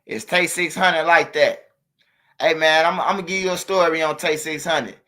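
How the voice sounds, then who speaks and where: A man's voice: on the high side, moderate pace. A man telling a street story to his viewers in a casual, slangy, profane way, talking straight at them. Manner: animated, slangy, profane, addresses viewers directly, imitates gunshots. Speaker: street news commentator.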